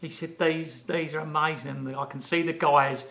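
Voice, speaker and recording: A man in his fifties, a podcast co-host, telling a lively anecdote in casual chat and acting out the people he quotes. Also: fairly high pitch, normal speed, vocal fry.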